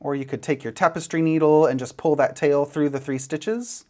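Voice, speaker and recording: A man's voice: a little high, fairly even intonation, normal speed, mellow. A man giving a step-by-step knitting tutorial, chatty and playful as he demonstrates each move. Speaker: knitting instructor.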